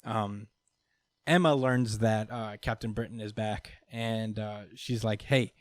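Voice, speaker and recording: A man's voice: on the low side, steady tone, slow pace, no room sound, clean studio sound. A man hosting a podcast, recapping comic books in a loose, chatty way, swearing freely and laughing between lines. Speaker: podcast host. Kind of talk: casual comic book recap.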